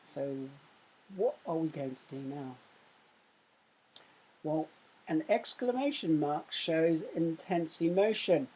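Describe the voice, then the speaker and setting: A woman teaching a recorded primary school lesson. She speaks clearly and raises her voice to show exclamations. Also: sits low, lively intonation, slight background noise. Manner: slow, clear teaching voice that loudly acts out exclamations.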